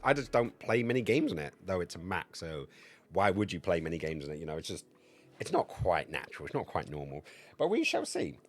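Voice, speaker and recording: A man in his thirties chatting casually on a game livestream, rambling, crude and joking. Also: fairly low pitch. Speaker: game streamer.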